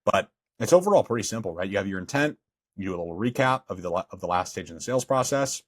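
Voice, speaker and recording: A man's voice: deep voice, lively intonation, fast, dry recording, studio quality. A young man teaching a fitness coaching sales course, blunt and emphatic with frequent swearing. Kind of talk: course lecture.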